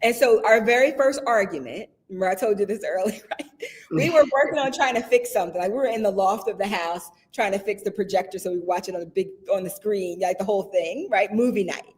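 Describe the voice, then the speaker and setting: A woman's voice: medium pitch, fast, darkish tone. A woman guest in casual conversation who tells stories with energy, acts out what people said, and laughs often. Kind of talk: casual chat.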